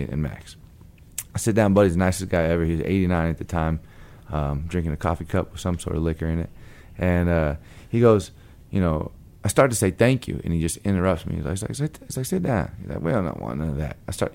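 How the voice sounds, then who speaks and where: Man, fairly low voice, from Long Beach, blues guitarist, lively storyteller, acts out the people in his story. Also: a little fast, gravelly. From Long Beach, California. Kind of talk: animated storytelling.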